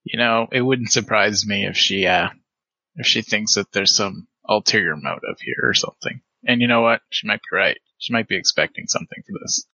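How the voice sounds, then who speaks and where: A man's voice: on the low side, fairly quick, highs cut off. A man playing a tabletop role-playing game, chatting casually and narrating his character's actions with rambling asides. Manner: relaxed, rambling, trails off. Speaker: tabletop player.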